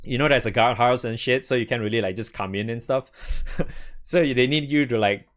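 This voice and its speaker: A man's voice: mid-range voice, fairly quick. A young man chatting casually to his stream audience about games, rambling, swearing freely and laughing often. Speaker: game streamer. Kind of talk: casual gaming stream chat.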